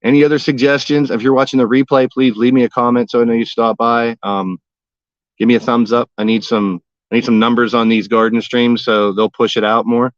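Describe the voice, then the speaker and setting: A man's voice: medium pitch, flat delivery, brisk, no room sound, highs cut off. A man hosting a casual gardening livestream from his backyard, talking in a folksy, rambling way and cracking jokes with old sayings. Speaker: gardening vlogger and livestream host. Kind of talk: casual live-stream chat.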